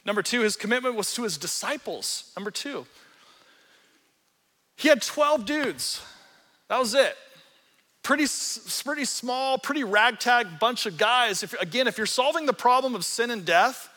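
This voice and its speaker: A man pastor preaching a sermon with storytelling, animated and joking, acting out quotes in the story. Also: extremely high pitch, moderate pace. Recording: church hall reverb.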